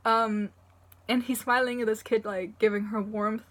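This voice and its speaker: A woman's voice: a little high, flat delivery, moderate pace. A woman reviewing a manga chapter in a casual, rambling way, tearful and choked up as she gushes about it. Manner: rambling and gushing, full of fillers and swearing.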